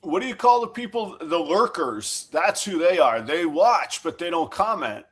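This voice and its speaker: A man's voice: fairly high pitch, lively intonation, moderate pace, breathy edge. A man co-hosting a casual podcast chat, telling stories with wry, dry humor. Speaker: podcast co-host.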